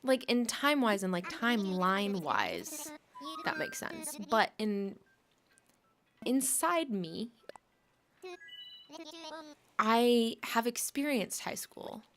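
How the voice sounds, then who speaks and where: A woman's voice: on the high side, very animated, slow pace, pauses often, fairly bright tone, slight background noise. Chatty woman in her late twenties. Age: late 20s. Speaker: livestream host. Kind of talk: casual chat while gaming.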